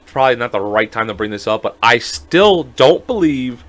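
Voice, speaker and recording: A man co-hosting a casual podcast, telling stories in an excitable way with plenty of swearing. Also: medium pitch, moderate pace. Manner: excitable, heavy swearing, animated retelling. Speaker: podcast co-host. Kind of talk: casual chat.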